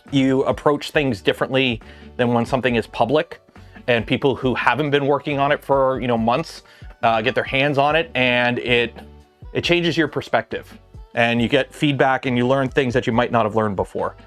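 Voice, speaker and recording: A man's voice: medium pitch, steady tone, normal speed, fairly bright tone, faint music behind. Rambling man streaming from his garage. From Canada. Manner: rambling, many "like" fillers. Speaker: livestream host. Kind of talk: casual livestream chat. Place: home garage workshop.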